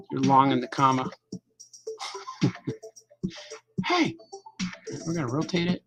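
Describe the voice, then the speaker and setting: Gravelly-voiced man on a drawing stream. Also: medium pitch, measured pace, pauses often. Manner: mutters along while drawing, joking with chat. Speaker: cartoonist. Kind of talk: casual live drawing stream. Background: music.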